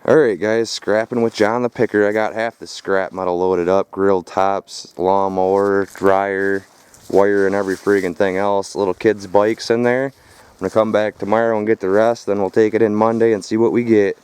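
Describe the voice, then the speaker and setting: Rough-talking outdoor vlogger man. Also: on the low side, little pitch movement, moderate pace, darkish tone, no echo. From Michigan. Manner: loose, profane, addresses viewers as folks and boys. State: out of breath while hauling. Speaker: scrapping vlogger. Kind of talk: casual vlog narration. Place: outdoors at a rural property.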